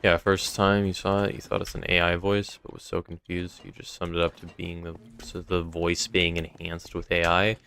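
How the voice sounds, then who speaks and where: A young man with a very deep, low voice, chatting loosely to his stream while he plays. His throat sounds sore, and he rambles from one thought to the next into a desk mic. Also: completely flat delivery, moderate pace, vocal fry, few pauses, a bit bright, clean tone. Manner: rambling, talks to chat between game tasks. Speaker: live streamer. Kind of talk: casual live-stream chat while gaming. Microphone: desk mic with noise gate.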